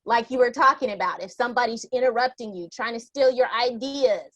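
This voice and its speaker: A woman's voice: a little high, a little fast, fairly bright tone. A woman hosting an interview, asking questions in an enthusiastic, affirming way with many short agreements. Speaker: podcast host. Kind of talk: interview conversation.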